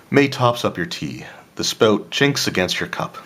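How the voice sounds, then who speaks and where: A man with a very deep voice reads a solo tabletop horror gamebook aloud. He reads the choices and narration and drops in casual, joking asides. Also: big pitch swings, a little slow, fairly bright tone. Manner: casual, with asides and throat-clearing. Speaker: player of a solo tabletop adventure.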